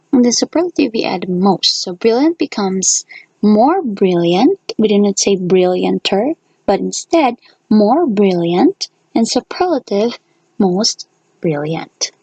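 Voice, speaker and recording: A woman from the Philippines with a Filipino accent, teaching a grammar lesson in a slow, deliberate way and spelling out letters. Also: medium pitch, a little mellow, husky, no echo, rough recording.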